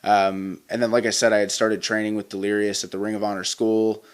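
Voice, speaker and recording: A man's voice: fairly low pitch, little pitch movement, fairly quick, clear, resonant tone. A man in his twenties, a wrestler being interviewed, telling stories casually with lots of fillers and restarts. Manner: rambling, many fillers and restarts. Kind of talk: casual storytelling.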